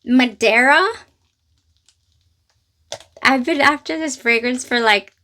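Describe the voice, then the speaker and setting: Gushing excitable woman reviewing perfumes. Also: sits high, slow. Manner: gushing, excitable, many fillers. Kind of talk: casual unboxing chat to camera. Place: closet at home.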